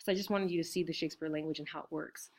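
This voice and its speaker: A woman's voice: low-pitched, fairly even intonation, very fast. A woman teacher giving a recorded lesson, explaining step by step with fillers and frequent "right?" check-ins.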